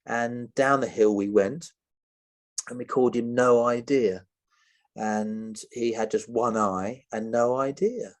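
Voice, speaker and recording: A man with a mid-range voice and an unhurried pace tells a story as a podcast guest. He's full of lively energy, acts out other people's voices, and laughs often.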